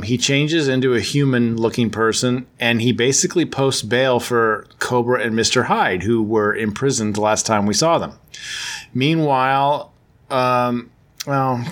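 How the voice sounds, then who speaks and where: A man with a medium-pitched, fairly bright voice hosts a podcast and recaps a comic book story. His casual chat rambles, full of fillers and self-corrections.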